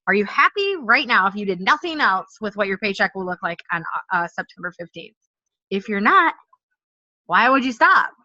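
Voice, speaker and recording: Stuffy from allergies, a network marketing team leader in her thirties delivers an upbeat, direct pep talk to her sales team. Her mid-range, sharp voice has big pitch swings at a normal speed, captured in a dull, dry lo-fi recording with no echo.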